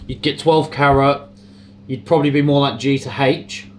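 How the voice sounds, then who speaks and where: A man's voice: medium pitch, fairly even intonation, moderate pace, slight background noise. A man, a jeweller chatting casually as he walks through prices and gold tests in his shop. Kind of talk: casual explaining to camera and customer.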